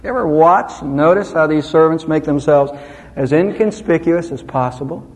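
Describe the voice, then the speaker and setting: A man with a notably high voice preaches a verse-by-verse sermon. He delivers it with animated emphasis that climbs and drops. The sound carries a long reverb, as from a large hall. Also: normal speed. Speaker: pastor. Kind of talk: expository sermon.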